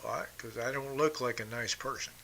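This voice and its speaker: A man's voice: medium pitch, moderate pace, creaky, pushed and bright, slight background noise. A middle-aged man hosting a podcast, telling stories in a blunt, profane, combative way. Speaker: podcast host. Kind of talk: casual storytelling monologue.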